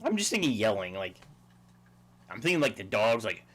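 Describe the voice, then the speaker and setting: A man's voice: fairly low pitch, very animated, normal speed, fairly bright tone, slightly rough. A man hosting a casual livestream, rambling and chuckling as he reads out viewer chat. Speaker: livestream host.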